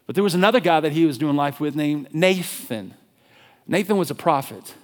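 A male pastor preaching a sermon in an animated, conversational storytelling way. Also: a little high, a little fast.

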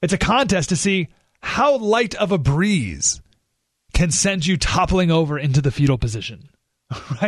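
A man's voice: a little high, lively intonation, measured pace, dry recording, clean studio sound. A man hosting a political talk radio show, speaking emphatically and sarcastically. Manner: emphatic, sarcastic, with short laughs.

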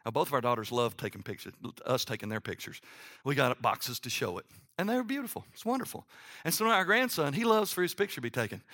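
Animated middle-aged pastor with a bright voice. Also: male voice, fast talker. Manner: animated storytelling with sudden drops to a hushed, low voice; reads scripture aloud, acting out the characters' lines. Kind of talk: sermon.

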